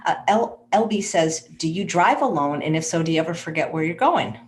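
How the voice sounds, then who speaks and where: A woman with a very low voice hosts a casual interview. She is chatty and rambling as she reads viewer comments aloud, with a faint hiss in the background. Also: expressive, fairly quick. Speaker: host.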